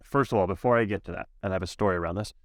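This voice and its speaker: A man who coaches software sales, speaking as a guest on a podcast interview with an emphatic, animated way of telling stories. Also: sits low, very fast, dry recording, clean studio sound.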